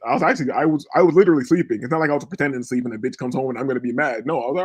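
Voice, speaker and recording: A man's voice: medium pitch, very fast, a little mellow, breathy edge. A man hosting a podcast, telling a crude, profane story in a rambling way and often checking in with the listener. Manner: profane, rambling, keeps asking "you feel me". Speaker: podcast host.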